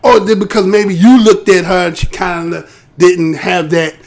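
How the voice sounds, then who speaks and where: A man's voice: sits high, moderate pace. An American man hosting a live show, giving casual commentary in a talkative, rhetorical way and often tagging his points with a question. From United States. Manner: conversational, rhetorical, tags points with "right?".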